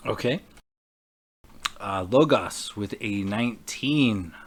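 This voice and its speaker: A man's voice: fairly low pitch, slow pace. A man narrating as game master over online voice chat, describing scenes in a loose, rambling way full of fillers.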